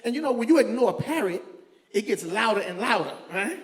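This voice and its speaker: High, lively man doing stand-up. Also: brisk. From New York. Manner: loud, animated storytelling, laughing along. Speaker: stand-up comedian. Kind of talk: stand-up comedy. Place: comedy venue with a live audience. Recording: echoey room with faint ambience.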